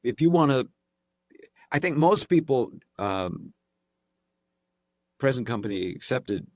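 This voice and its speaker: A man's voice: mid-range voice, sing-song, slow, no room sound, studio quality. A man guesting on a podcast, talking casually and playfully, slipping into demonstration voices as he explains. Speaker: actor and impressionist guest.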